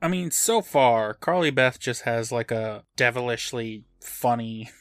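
Slow-talking man recapping a show. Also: mid-range voice, fairly bright tone, dry recording, clean studio sound. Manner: recapping a plot with laughs and acted-out quotes. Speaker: podcast co-host. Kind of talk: casual recap chat.

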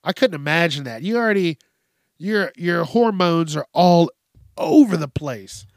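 Podcast host, male, exasperated rant delivery, raspy fry in the voice, slightly high-pitched. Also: lively intonation, measured pace, dry recording, clean studio sound. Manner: profane, exasperated, mimics people in high voices. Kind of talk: casual ranting monologue.

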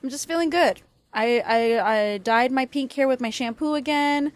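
A woman's voice: high-pitched, normal speed. Rambling young woman chatting at home. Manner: rambling and chatty, many fillers and restarts. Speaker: podcast host. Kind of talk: casual solo podcast chat. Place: at home, washer running nearby. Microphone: small clip-on mini microphone.

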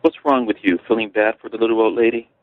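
A man's voice: fairly low pitch, fairly even intonation, quick pace, no echo, lightly acted. A man voicing a smirking teenage boy who teases his friend, read aloud from a memoir. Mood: mocking. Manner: mocking, smirking. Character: teasing teenage boy accomplice. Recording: tinny phone-line radio audio.

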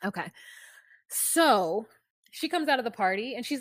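A woman's voice: a little high, animated, unhurried, no echo, clean studio sound. A woman co-hosting a podcast, casually retelling reality show scenes and quoting the people in them. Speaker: podcast co-host. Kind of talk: casual recap chat.

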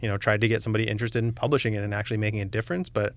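A man's voice: fairly low pitch, steady tone, rapid-fire. A man co-hosting a podcast, chatting casually with wry, opinionated remarks. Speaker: podcast co-host. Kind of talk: casual chat.

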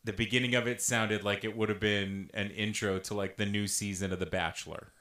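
Man, deep voice, wry podcast co-host, casual. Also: fairly even intonation, brisk, a bit bright. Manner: dry, wry comments. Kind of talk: casual chat.

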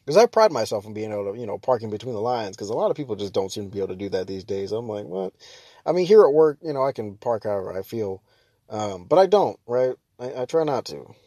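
A young man in a casual vlog rant, talking fast and loose with lots of fillers and restarts. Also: lowish voice, big pitch swings, no room sound. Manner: ranting, exasperated, jumps to loud mock shouts.

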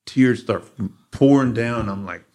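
A man's voice: mid-range voice, unhurried. A middle-aged man, a rock guitarist as guest, telling his story candidly in a studio, livening up when he acts out his own past words. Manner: candid, animated in quoted asides. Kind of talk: casual storytelling.

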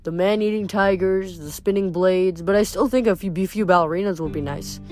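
A woman's voice: fairly low pitch, brisk, a little mellow, soft background music, close to an everyday voice. A woman voicing a meek, reluctant male giant who mumbles and sighs, in an audiobook reading. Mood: glum. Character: meek, gloomy male giant twin, soft-hearted.

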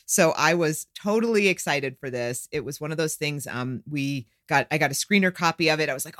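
A woman's voice: low-pitched, brisk, few pauses, a bit bright, no echo, clean studio sound. A woman co-hosting a casual movie chat, talking eagerly and giggling often. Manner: enthusiastic, giggly. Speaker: co-host.

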